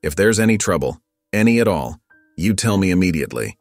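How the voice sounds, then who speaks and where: A protective, steady father figure, voiced by a man in an audio story, speaking gently and earnestly. The voice is very deep, with soft music behind. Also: brisk, no echo, exaggerated voice. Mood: caring.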